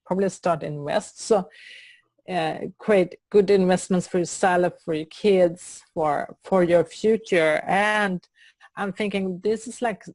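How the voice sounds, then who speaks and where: A woman co-host asking a guest questions in a halting way, searching for her words. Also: lowish voice, a little mellow, no room sound. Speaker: podcast co-host. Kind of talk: interview questions.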